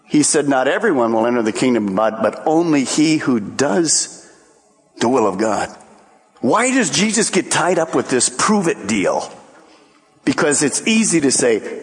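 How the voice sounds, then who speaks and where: A man preaching a sermon, acting out quick exchanges of dialogue as he goes. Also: medium pitch, sing-song. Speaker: pastor. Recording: long reverb of a large hall.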